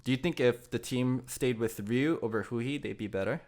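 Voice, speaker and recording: A man's voice: mid-range voice, moderate pace, a little mellow. A man co-hosting a casual podcast who asks the guest direct questions. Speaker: podcast co-host asking questions.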